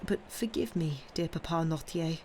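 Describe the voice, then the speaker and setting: A woman's voice: low voice, normal speed, dark tone, slight background noise, natural voice. A woman reading aloud, voicing a tender young woman who pleads anxiously with her grandfather. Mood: pleading. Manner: pleading, breathless questions.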